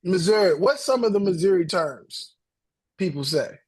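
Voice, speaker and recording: High-voiced animated male life coach. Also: moderate pace, husky. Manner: animated, repetitive, slangy, acts out voices. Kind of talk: casual coaching chat.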